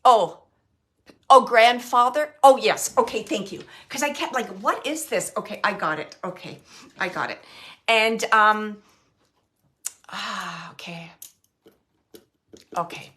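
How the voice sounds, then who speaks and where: Bright-voiced woman giving a halting spirit reading. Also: mid-range voice. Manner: halting, repeats herself, relays messages. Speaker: psychic medium.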